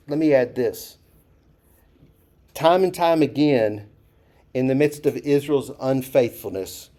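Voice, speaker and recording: Leading a church Bible study, a pastor speaks casually in a warm, medium-pitched voice. He asks the group questions and repeats important phrases to stress them.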